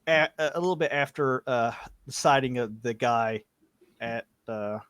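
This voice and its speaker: Man narrating as game master, halting delivery, lots of fillers, mid pitch, dry sound. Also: a bit bright, clean tone, no echo. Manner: halting, many restarts and fillers.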